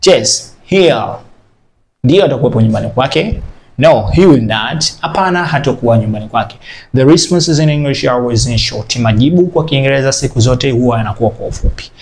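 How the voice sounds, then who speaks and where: Gravelly man teaching English. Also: mid-range voice, expressive, slight background noise. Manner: repeats example sentences slowly, then translates quickly. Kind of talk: bilingual language lesson.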